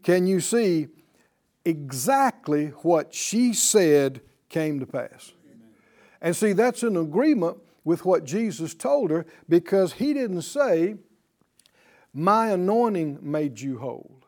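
A man's voice: high-pitched, lively intonation, slow pace, dark tone. A man teaching a Bible class, emphatic, repeating key words and asking the class rhetorical questions.

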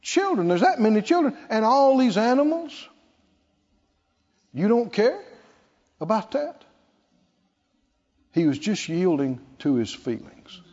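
A man preaching a sermon, lively and playful, acting out scripture scenes with laughter. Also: sits high, slow, long pauses. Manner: animated, acts out Bible figures with laughter. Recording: lo-fi recording in a reverberant hall.

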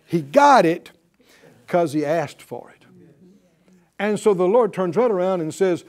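A man preaching a lively sermon, calling out to his congregation and acting out the voices in his stories. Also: sits high, normal speed. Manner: animated, call-and-response, acts out quoted voices.

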